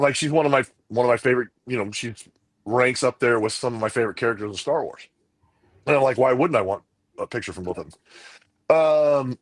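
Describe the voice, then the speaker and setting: A man co-hosting a casual podcast, middle-aged by the sound of him, running through a long excited story and acting out the back-and-forth. His voice sits at an ordinary pitch and the sound is close and dry. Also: no room sound. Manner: rambling, excited anecdote with quoted dialogue. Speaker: podcast co-host. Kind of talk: casual chat, animated storytelling.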